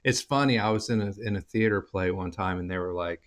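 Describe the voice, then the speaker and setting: Chatty Oklahoma host, lowish voice. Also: male voice, fairly quick. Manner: rambling, chatty, restarts phrases. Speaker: podcast host. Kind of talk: casual interview chat.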